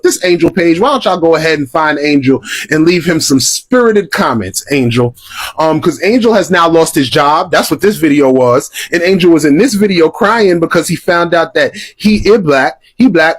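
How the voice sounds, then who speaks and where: Husky-voiced man ranting scornfully. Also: on the high side. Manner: mocking, scolding, addresses viewers directly. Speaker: social media commentator. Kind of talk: ranting reaction video.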